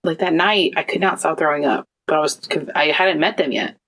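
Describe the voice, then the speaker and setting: A woman guest in her thirties telling her story in a casual interview, animated and acting out what others said. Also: deep voice, a little fast. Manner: animated, acts out quoted voices.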